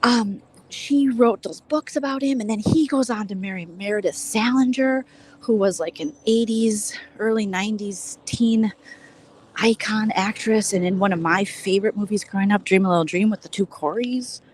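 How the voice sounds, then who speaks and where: A woman in her forties from Minnesota, chatting casually on a live stream as she walks through a big store, often hushed to a near whisper. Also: medium pitch, moderate pace. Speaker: vlogger host.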